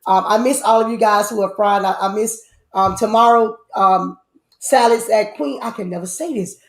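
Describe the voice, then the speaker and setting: A woman hosting a casual live-stream chat, animated, with loud outbursts and a lot of repeating herself. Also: medium pitch, normal speed. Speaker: host. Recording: echoey room.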